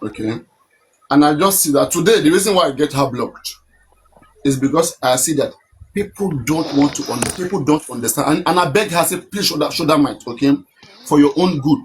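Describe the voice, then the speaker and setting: Hosting a casual live stream, this Nigerian-accented man speaks a bit fast, his voice sitting slightly above the typical male range, with a faint hiss or hum on the recording. He goes on at length, returning again and again to press the same point.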